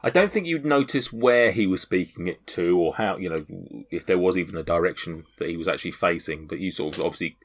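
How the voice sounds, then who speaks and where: Low-voiced game master. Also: male voice, fast talker, few pauses. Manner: rambling, with many ums and restarts. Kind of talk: narrating a tabletop game.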